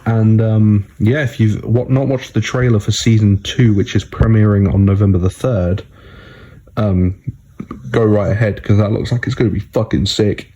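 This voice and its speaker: Low husky man rambling casually. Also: fairly even intonation, normal speed, dark tone, muffled recording. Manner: loose and rambling, heavy swearing and filler words. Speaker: YouTuber recapping a TV episode. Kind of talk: casual spoken recap.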